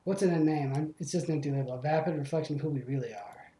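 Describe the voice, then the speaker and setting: Man voicing a smooth sly fox detective. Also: a little high, racing, mellow, a little hiss or hum, lightly acted. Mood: smooth evasive. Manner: smooth, theatrical, evasive. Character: sly male fox detective posing as a prince. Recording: roomy echo.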